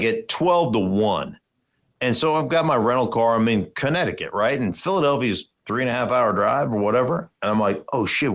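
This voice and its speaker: A middle-aged man hosting a casual sports podcast, telling stories animatedly and acting out other people's voices. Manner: animated storyteller, acts out voices in big jumps of pitch. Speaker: podcast host, former football player.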